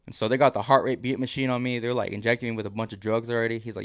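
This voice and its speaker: A man's voice: medium pitch, steady tone, racing, a bit bright. A man, a podcast guest, telling a story casually, acting out quotes and laughing often.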